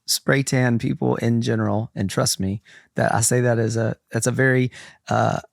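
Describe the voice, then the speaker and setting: A man's voice: medium pitch, flat delivery, moderate pace, vocal fry, dry recording, clean studio sound. A man co-hosting a podcast, speaking in a reflective, candid way and laughing easily. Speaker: podcast co-host. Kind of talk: casual chat.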